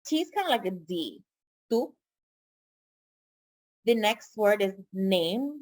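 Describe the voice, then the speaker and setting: Slow patient lady tutor going over words one by one, medium pitch. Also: big pitch swings, a little mellow. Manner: slow, patient, repeats each word. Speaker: pharmacy tech Spanish tutor. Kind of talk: online vocabulary lesson.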